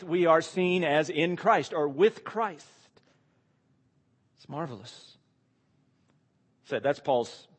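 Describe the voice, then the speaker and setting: A man's voice: fairly high pitch, husky. A man preaching a sermon, asking the congregation questions and stressing key words. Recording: long hall reverb.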